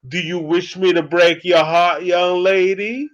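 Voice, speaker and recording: A man mimicking a sinister male djinn posing as a professor, speaking smoothly and menacingly with a British accent, in a dull lo-fi recording. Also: high voice, flat delivery, unhurried, fairly bright tone. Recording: dull lo-fi audio.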